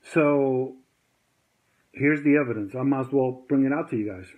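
A man's voice: medium pitch, moderate pace. A man telling a heated story to camera in a rambling, agitated way, acting out the dialogue he quotes. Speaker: vlogger. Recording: tinny phone-like sound.

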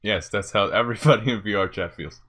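A man's voice: lowish voice, fast, a bit bright, slight background noise. A man hosting a casual reaction vlog, playful and laughing often, sometimes slipping into silly voices. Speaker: YouTuber host.

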